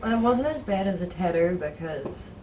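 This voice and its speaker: A woman's voice: lowish voice, expressive, moderate pace, recorded from a distance, noisy background. A woman helping in a garage, chatting casually and laughing easily. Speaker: helper on the show. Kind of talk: casual chat.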